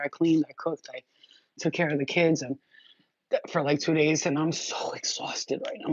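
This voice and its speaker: A woman's voice: sits low, a little mellow, no echo. A woman doing a spiritual reading, talking in a casual livestream chat that is blunt, profane and rambling. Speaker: spiritual reader. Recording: dull lo-fi, dry.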